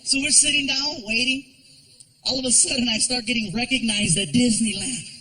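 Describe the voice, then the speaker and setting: A man performing a stand-up comedy routine, telling stories animatedly, acting out characters and shouting punchlines. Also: very high-pitched, fairly even intonation, normal speed, rough recording.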